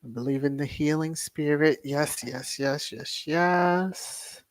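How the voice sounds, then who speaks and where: Host on a live stream reading chat out, lots of yes yes and thank you, soft and soothing, dry close sound. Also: mid-range voice, slow pace, dry recording. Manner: reads viewer messages aloud and repeats thanks and affirmations. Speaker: livestream host. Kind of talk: casual livestream chat.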